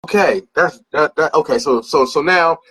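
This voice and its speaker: A man's voice: fairly high pitch, normal speed, fairly bright tone, husky, low-quality recording. A man hosting a casual interview, giving short affirmations and thinking aloud as he frames his questions. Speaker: host.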